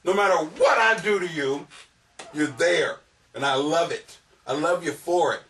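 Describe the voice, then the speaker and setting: A man's voice: a little high, measured pace, a bit bright, distant mic. A man hosting a comedic advice podcast, rambling and crude, often laughing at his own jokes. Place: home basement.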